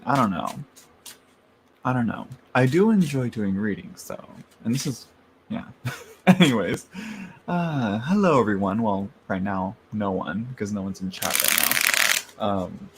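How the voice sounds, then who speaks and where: A man's voice: medium pitch, slight background noise. A man hosting a casual tarot livestream, chatting in a rambling way, laughing often and greeting viewers by name, into a large microphone.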